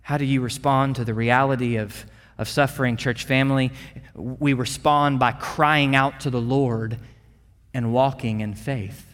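A pastor delivering an earnest sermon, repeating words and dropping to a hush for emphasis. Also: male voice, medium pitch, fairly even intonation, a little slow, in a large hall. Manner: earnest, with repeated words and dramatic drops in volume.

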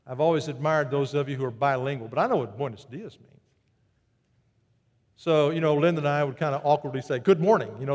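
Animated high-voiced male preacher in reverb. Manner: animated, acts out quoted voices with big pitch jumps. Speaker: pastor. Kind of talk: sermon.

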